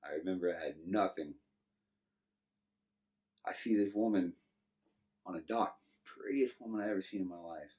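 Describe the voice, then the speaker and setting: A man's voice: low-pitched, normal speed, long pauses, darkish tone, distant mic. A man in his thirties with a Texan accent, telling his life story to an interviewer in a loose, rambling way full of "you know". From Texas. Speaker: guest.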